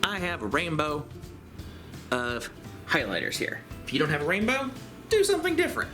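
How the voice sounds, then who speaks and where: A man giving a calm, step-by-step craft tutorial for a library. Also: a little high, normal speed, over music.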